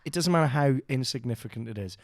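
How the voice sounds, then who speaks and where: A man's voice: medium pitch, lively intonation, fast talker, dry recording, clean studio sound. A young Welsh man hosting a podcast, telling rambling stories in casual chat and swearing freely. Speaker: podcast host.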